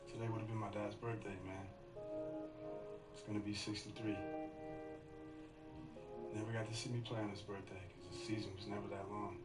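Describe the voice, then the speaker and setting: A man's voice: little pitch movement, fairly quick, long pauses, natural voice. A man playing a subdued grieving young player. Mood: somber. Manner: subdued, low-key. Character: young male pro player, grieving his late father. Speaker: basketball player in story scene. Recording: distant roomy game audio with loud music.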